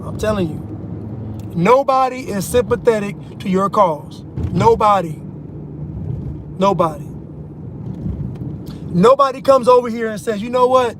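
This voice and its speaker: An American vlogger with a high, animated voice speaks unhurriedly and pauses often against a noisy background. While driving, he delivers an emphatic opinion monologue to his viewers, repeating himself and addressing them as "y'all."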